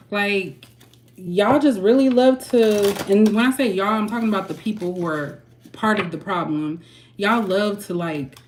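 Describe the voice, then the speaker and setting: Woman, tarot-reading vlog host, lowish voice, frank heated rant, frequent throat-clearing. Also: a little mellow, a little hiss or hum. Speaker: tarot reader and channel host. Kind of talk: candid ranting vlog.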